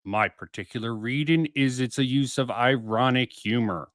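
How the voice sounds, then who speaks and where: A man's voice: mid-range voice, moderate pace, a bit bright, no echo, clean studio sound. A man hosting a commentary video, reacting to clips in a musing, questioning way.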